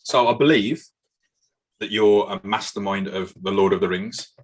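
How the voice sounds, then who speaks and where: A man's voice: lowish voice, moderate pace, slightly rough. A man co-hosting a casual podcast and reading out quiz questions, swearing and joking, often repeating himself. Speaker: podcast co-host, quizmaster. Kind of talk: casual chat.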